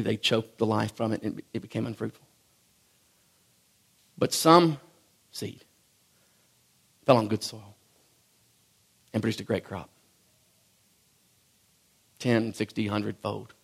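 A middle-aged pastor preaching a sermon in a conversational, folksy way, swinging from loud bursts to hushed asides. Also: male voice, mid-range voice. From rural farm background.

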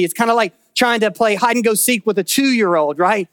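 A man with a notably high voice delivers a church sermon, close and dry with no room sound. He talks animatedly, acting out little quotes and voices, then sinks into a lower, grave tone for warnings. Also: a little fast, few pauses, a bit bright, clear, resonant tone, no echo. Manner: drops to a low, serious tone for warnings. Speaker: pastor.

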